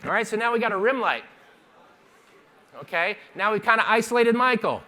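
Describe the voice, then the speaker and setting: A man, running a live photography workshop. He talks quickly and casually, cracking jokes and firing questions at the audience as he demonstrates. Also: high voice, animated, bright, forceful tone. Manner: chatty, jokey, fast-talking teacher quizzing the audience. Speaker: photography instructor. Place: conference stage before a live audience.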